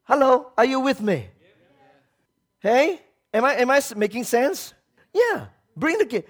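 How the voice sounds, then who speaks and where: A man's voice: very high voice, sing-song, a little slow, long pauses. A man preaching a sermon as pastor, emphatic, asking the congregation rhetorical questions and acting out quoted voices.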